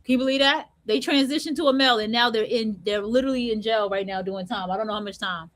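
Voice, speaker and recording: Woman host ranting on her show, high voice, blunt and cussing, slangy storytelling. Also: fast talker, fairly bright tone. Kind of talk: casual monologue on an online radio show.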